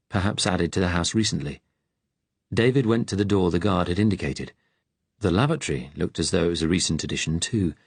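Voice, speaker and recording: A man narrating an audiobook in a measured, even way. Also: low-pitched, breathy edge, no echo. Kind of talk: scripted narration.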